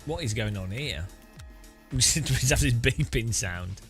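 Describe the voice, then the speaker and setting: A man's voice: mid-range voice, animated, unhurried, fairly bright tone, soft background music. A man rambling casually while streaming a racing game, often restarting his sentences and chuckling. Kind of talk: casual gameplay commentary.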